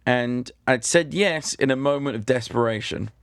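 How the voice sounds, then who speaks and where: A man's voice: mid-range voice, normal speed, no echo. A British man telling anecdotes as a guest, dry and self-deprecating. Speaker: guest comedian and magician.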